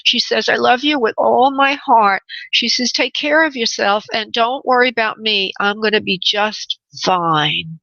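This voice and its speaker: Woman radio host and medium, bright, fairly high voice, affectionate, chatty, a dry, slightly dull radio sound. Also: measured pace, vocal fry, few pauses, no room sound. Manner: affectionate, calls callers honey and sweetheart; chatty, laughs readily. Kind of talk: call-in radio readings.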